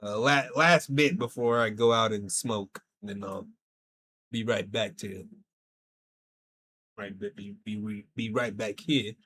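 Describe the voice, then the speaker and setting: A man's voice: lowish voice, fairly even intonation, measured pace, long pauses, fairly bright tone, breathy edge. A man streaming a game and chatting casually, venting in a rambling, profane way. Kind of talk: casual livestream chat while gaming.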